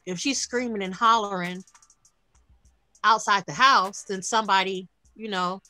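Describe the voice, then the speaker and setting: A woman's voice: medium pitch, steady tone, a little slow, pushed and bright. A woman co-hosting a casual true-crime podcast, chiming in with short agreements and asides. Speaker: podcast co-host.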